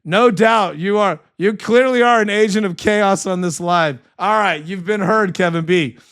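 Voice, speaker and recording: A man's voice: high voice, normal speed, a bit bright, clear, resonant tone. A man hosting a live sports stream, chatting casually and reading viewer comments, passionate and full of fillers.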